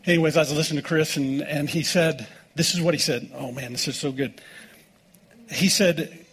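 A man's voice: a little high, fairly even intonation, normal speed, a bit bright, husky. A middle-aged American man preaching a sermon as pastor, telling folksy stories with jokes. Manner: folksy, joking storytelling with laughs.

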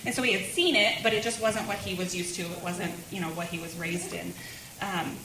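A woman's voice: fairly low pitch, steady tone, brisk, crowd noise. A woman in her thirties giving a chatty personal testimony at a women's church gathering, laughing often between her words. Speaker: speaker sharing her testimony. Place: church meeting room. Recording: roomy sound with background noise.

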